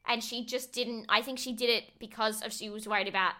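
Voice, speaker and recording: A woman co-hosting a casual podcast, her voice very bright and ringing. She talks in an animated way and swears freely, slipping into little acted-out voices for the people she describes. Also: a little high, a little fast. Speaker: podcast co-host. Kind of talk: casual chat recapping a reality show.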